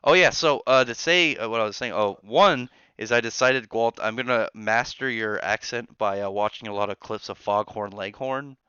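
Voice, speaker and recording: Bright rambling man streaming from barracks. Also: lowish voice, clear, resonant tone, dry recording. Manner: rambling, quick asides, many restarts. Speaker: streamer host reading chat. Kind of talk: casual live-stream chat. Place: military barracks room. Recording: dull lo-fi sound.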